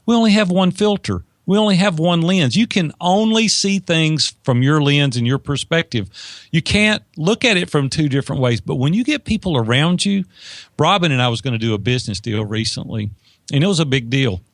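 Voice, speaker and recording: A man telling personal stories as an interview guest, in an emphatic, animated way. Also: a little high, brisk, no room sound, clean studio sound. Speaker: interview guest, business mentor. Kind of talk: conversational storytelling.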